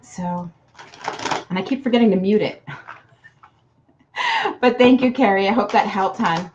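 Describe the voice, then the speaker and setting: A woman's voice: mid-range voice, a little slow, darkish tone, lo-fi sound, slight background noise. A woman giving casual card readings to viewers on a livestream, chatty and affectionate, calling people hun. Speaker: card reader.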